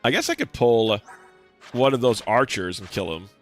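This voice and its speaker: A young man streams a video game, giving casual, rambling commentary full of fillers and restarts. His medium-pitched voice is sing-song and moderately paced, with faint game music in the background.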